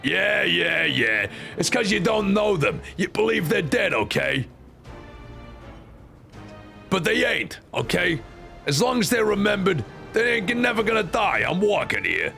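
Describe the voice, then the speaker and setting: A man voicing a gruff, foul-mouthed robot queen, in a comedic game voice-over. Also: sits high, sing-song, a little slow, bright, forceful tone, soft background music, voice pushed up, full character voice. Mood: pleading. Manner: tough-talking, slangy, swears.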